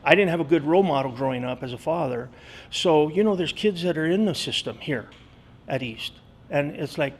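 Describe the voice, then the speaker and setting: A school custodian in his sixties, talking earnestly in an interview with many pauses and fillers. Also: fairly high pitch, animated, a little hiss or hum. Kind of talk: interview storytelling.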